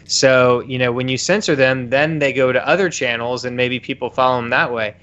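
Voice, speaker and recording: A man's voice: medium pitch, fairly even intonation, a little fast, a bit bright, dull audio. A man chatting casually as a podcast guest, laughing now and then as he talks. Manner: chatty, laughs while talking. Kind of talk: casual chat.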